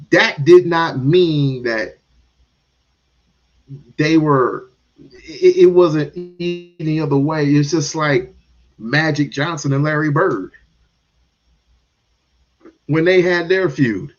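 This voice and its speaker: A man hosting a show, ranting about sports and culture in a sarcastic, mocking way. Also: a little high. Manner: animated, sarcastic, mocking asides. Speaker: podcast host. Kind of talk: opinionated sports commentary rant. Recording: dull lo-fi stream audio.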